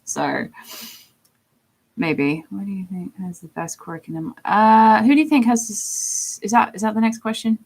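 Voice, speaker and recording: A young woman chatting casually on a live stream, giggly and self-deprecating, her pitch swinging widely as she answers viewers. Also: a little slow, gravelly, a little mellow, husky.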